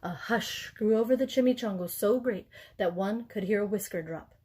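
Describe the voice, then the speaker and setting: A woman's voice: mid-range voice, normal speed, breathy edge. Woman teacher reading a storybook aloud. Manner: expressive, playful. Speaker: elementary school teacher. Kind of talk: reading a picture book aloud.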